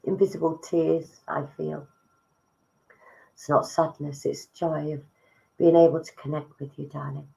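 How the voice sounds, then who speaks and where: Woman, lowish voice, soft and emotive, psychic reading. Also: level tone, measured pace, gravelly, pauses often, poor audio. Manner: soft, emotive, addresses listeners as darling. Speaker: psychic medium.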